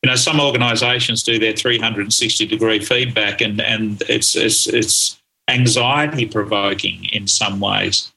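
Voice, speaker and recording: Speaking at normal speed with a steady tone, a middle-aged man answers interview questions about learning in a fairly low, creaky voice that is pushed and bright. He explains his thinking with enthusiasm, often saying um and starting over, and the recording quality is poor.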